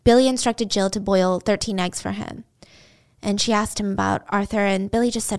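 A woman's voice: medium pitch, fairly even intonation, moderate pace, darkish tone. Chatty woman telling a true-crime story. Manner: chatty, dramatic retelling with asides.

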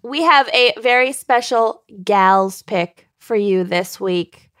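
A woman's voice: mid-range voice, slow, a bit bright, clean tone, dry recording, clean studio sound. A woman co-hosting a podcast in casual chat, wry and self-deprecating, often laughing. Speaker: podcast co-host.

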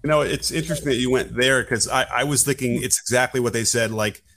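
A man's voice: medium pitch, fast talker, a bit bright. A man co-hosting a political podcast, speaking casually and wryly, often restarting his sentences. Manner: wry, casual, with frequent restarts and hedges. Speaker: podcast co-host.

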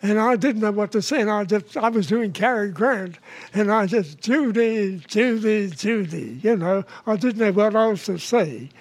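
A man in his nineties from New York, a guest comedian telling stories in a halting way, with restarts and chuckles. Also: sits high. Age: 90s. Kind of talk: casual storytelling interview.

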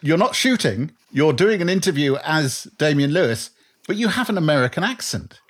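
A man's voice: fairly high pitch, big pitch swings, moderate pace. Chatty man hosting an interview. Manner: chatty, wry and probing. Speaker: interview host. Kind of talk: conversational interview.

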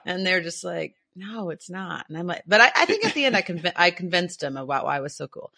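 Bright-voiced, enthusiastic woman podcaster. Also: fairly low pitch, big pitch swings, fast, gravelly. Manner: chatty and enthusiastic, laughs often. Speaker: podcast co-host. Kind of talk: casual podcast chat.

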